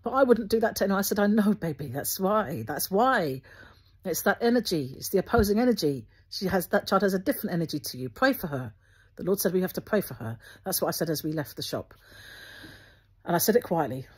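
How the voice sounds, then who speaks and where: Woman host, low-pitched and breathy, speaks earnestly and gently to her viewers. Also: expressive, a little fast. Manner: earnest and gently instructive, with frequent restarts. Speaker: Christian video host. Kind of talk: spoken encouragement to viewers.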